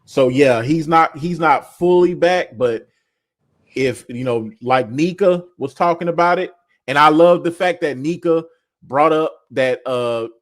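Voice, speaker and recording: A man's voice: on the high side, measured pace. A man chatting casually as co-host, loose and rambling with lots of fillers and restarts. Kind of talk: casual gossip chat.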